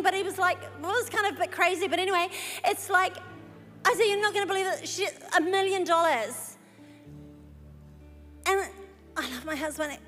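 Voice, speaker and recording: High-voiced woman preaching in a hall. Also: brisk, faint music behind. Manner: animated storyteller, bursts into excited shouts. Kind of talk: sermon storytelling. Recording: live hall recording with long reverb.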